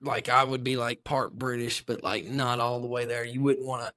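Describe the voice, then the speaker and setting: A man's voice: mid-range voice, level tone, moderate pace, bright, forceful tone, dry recording, clean studio sound. A young man co-hosting a podcast, telling rambling stories with lots of laughs and the odd silly voice. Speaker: podcast co-host. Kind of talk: casual chat.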